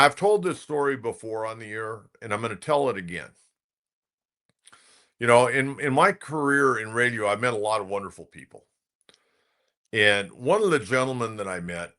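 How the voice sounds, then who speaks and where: A middle-aged man with a bright, forward voice, talking like a seasoned sports radio host. He wanders through an anecdote in casual commentary, doubling back and restarting phrases as the memories come. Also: fairly low pitch.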